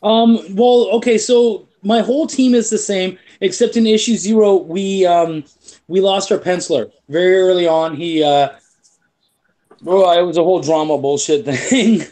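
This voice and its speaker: A comic book creator chatting casually, an animated storyteller who swears freely. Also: male voice, sits high, normal speed. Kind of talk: casual chat.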